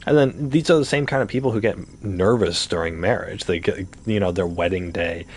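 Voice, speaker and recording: Deep-voiced man ranting while gaming. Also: brisk, slight background noise. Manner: rhetorical questions, swearing, animated ranting. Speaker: gaming streamer. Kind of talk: casual rant while gaming.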